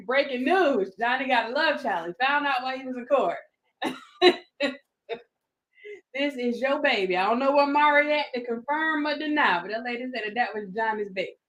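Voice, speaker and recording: A woman's voice: high-pitched, expressive, moderate pace, fairly bright tone. A woman giving a laughing, playful casual commentary to her viewers. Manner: laughing, playful Southern-style slang. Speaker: commentary vlogger.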